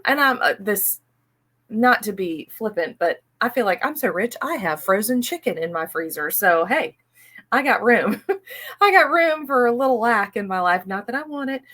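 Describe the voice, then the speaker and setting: A middle-aged woman talks to her viewers in a chatty, personal way. She is animated and playful, and she acts out her own panicked inner voice now and then. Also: medium pitch. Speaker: host. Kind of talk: casual personal talk on money mindset.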